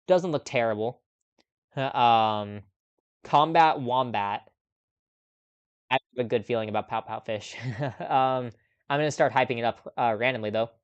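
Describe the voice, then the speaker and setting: A man hosts a relaxed live movie chat, rambling casually and laughing softly between thoughts. His voice is smooth and clear, sitting at an ordinary middle pitch. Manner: chatty, laughs often, lots of ums. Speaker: host.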